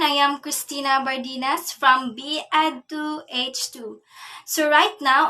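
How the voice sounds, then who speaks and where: A young woman giving a class report, reading from her notes in a measured way. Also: high voice, sharp tone, far from the mic. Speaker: student presenter.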